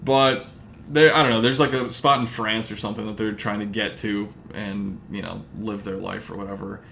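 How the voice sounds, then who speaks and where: A man's voice: on the low side, fairly even intonation, normal speed, creaky, a bit bright, a little hiss or hum. A man hosting a podcast in casual chat, rambling through a movie recap with lots of fillers. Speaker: podcast host.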